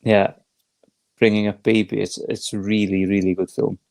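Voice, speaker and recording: A man's voice: on the low side, flat delivery, moderate pace, vocal fry, darkish tone. A man in a casual chat who repeats himself and says yeah a lot.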